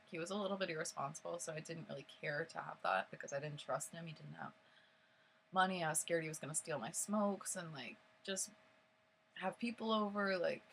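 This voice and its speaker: Young woman vlogger, lowish gravelly voice, casual rambling storytime with lots of swearing. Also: a bit bright, slight background noise, rough recording. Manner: rambling, many fillers, frequent swearing.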